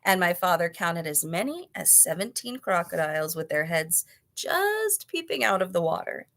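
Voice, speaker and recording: A woman reading a children's novel aloud, with clear, expressive storytelling. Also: on the low side, normal speed. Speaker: storybook reader.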